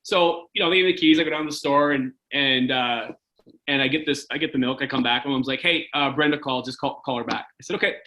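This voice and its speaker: A man's voice: medium pitch, quick pace, pushed and bright, low-quality recording. A man in his forties from Canada, a former hockey goalie telling stories in a casual interview, rambling with lots of "like" and "right?".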